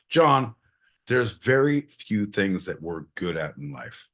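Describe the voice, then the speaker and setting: Husky, profane man joking around. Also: lively intonation, a little slow. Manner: profane, jokey, loud swings in pitch. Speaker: podcast co-host. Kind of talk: casual live-show banter.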